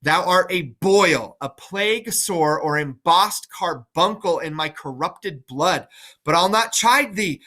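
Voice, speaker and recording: Brief: raging old king in a classroom read-through, raised and bright, wounded pride, read by a man. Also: high voice, lively intonation, takes it slowly, exaggerated voice. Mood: furious. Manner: declaims verse with mounting fury.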